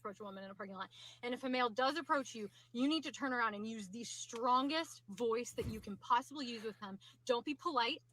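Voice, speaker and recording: Indignant woman with a bright voice. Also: on the high side, fast talker, a little hiss or hum, low-quality recording. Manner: indignant, insistent. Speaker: woman in a viral video clip. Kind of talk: recounting an incident.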